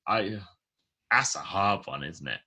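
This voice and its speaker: A man from the UK co-hosting a podcast, animated and quick to rant. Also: sits low, husky. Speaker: podcast co-host. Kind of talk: casual podcast chat.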